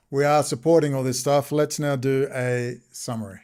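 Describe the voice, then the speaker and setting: A man's voice: mid-range voice, little pitch movement, moderate pace, hardly any pauses, darkish tone, smooth. A man hosting a solo political commentary, agitated, sarcastic and mocking. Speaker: host and commentator.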